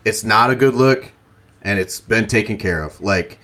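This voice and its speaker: A young man co-hosting a sports podcast, chatting loosely and swearing freely. His voice sits on the low side, with an easy, joking delivery. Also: moderate pace, bright, forceful tone. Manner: profane, laughing banter. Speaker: podcast co-host. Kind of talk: casual sports chat.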